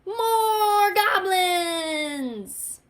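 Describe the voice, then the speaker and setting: A woman voicing a group of small excited goblins in a storybook, high and loud. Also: unhurried, heavily acted.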